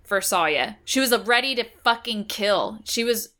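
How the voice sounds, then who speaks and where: A woman's voice: mid-range voice, expressive, moderate pace, pushed and bright. A woman playing a tabletop game, rambling with lots of fillers and swearing now and then. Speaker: player. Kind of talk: casual chat, tabletop role-play.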